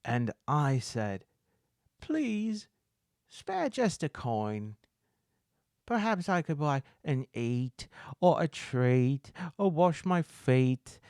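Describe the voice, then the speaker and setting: Guy putting on a squeaky cockney beggar dude, rhymey and chatty, slow talker, dry sound. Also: big pitch swings, a little mellow, clean tone, no room sound, exaggerated voice. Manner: high put-on voice, sing-song rhymes. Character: male human beggar, chatty, rhyming, loyal.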